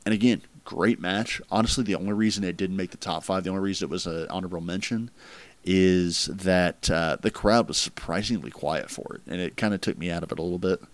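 Male host, casual rambling chat, deep voice, dry sound. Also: steady tone, a little fast, no room sound. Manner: rambling, filler-heavy, laughs at crude jokes. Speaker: podcast host ranking wrestling matches.

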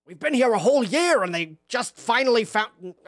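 A man voicing a cowering, sly green male creature who pleads in a high whiny voice. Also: animated, moderate pace. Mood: worried.

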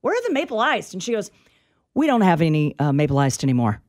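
Radio co-host, woman, middle-aged, animated storyteller with an exasperated edge. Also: lowish voice, quick pace. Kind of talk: casual talk radio chat. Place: radio studio.

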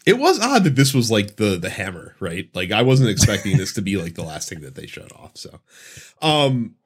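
A man's voice: fairly low pitch, huge pitch swings, normal speed, husky. A man hosting a casual gaming podcast, asking his co-host questions and laughing easily. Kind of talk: casual chat.

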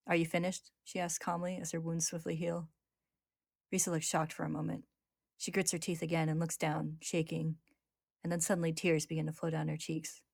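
A woman host narrating a dramatic story recap. Her voice is low and gravelly, with a dry, close sound and no room around it. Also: flat delivery, brisk, a little mellow, no room sound. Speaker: podcast host.

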